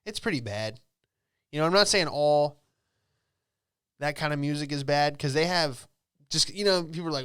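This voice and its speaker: A man's voice: fairly high pitch, normal speed, pauses often, fairly bright tone, clear, resonant tone, dry recording, studio quality. A young man, a comedian, riffing casually through a solo comedy monologue in a rambling, offhand way, with lots of fillers. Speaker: comedian and podcast host.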